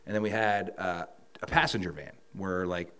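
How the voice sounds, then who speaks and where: A middle-aged man with a low voice tells a story in casual conversation, swearing often and acting out the other people in it. The sound is dry and close. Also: moderate pace, clear, resonant tone, no room sound. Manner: profane, animated storyteller acting out quotes. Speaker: podcast guest.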